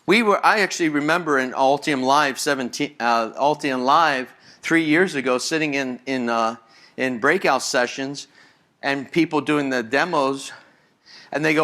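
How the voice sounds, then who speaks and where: A man's voice: mid-range voice, normal speed, pushed and bright. A man giving a live conference talk as a senior engineer, enthusiastic and conversational, often repeating and restarting words. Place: conference hall with audience.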